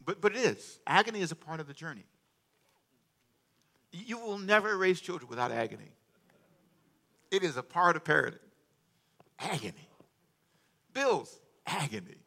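A man preaching a sermon, calling for responses from the congregation and joking with them between loud, emphatic stretches. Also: on the high side, animated, moderate pace, gravelly, long pauses. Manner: humorous asides to the congregation. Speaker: pastor. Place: church sanctuary.

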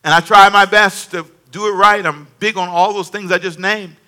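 High, bright-voiced pastor preaching. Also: male voice, normal speed. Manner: lively preaching with call-and-response to the congregation. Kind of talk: sermon.

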